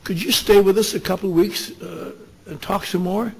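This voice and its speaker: A man's voice: high-pitched, fairly even intonation, normal speed, vocal fry, darkish tone, slightly rough, voice pushed up, exaggerated voice. A man voicing an anguished middle-aged male doctor who drinks, speaking with pleading, emotional exclamations.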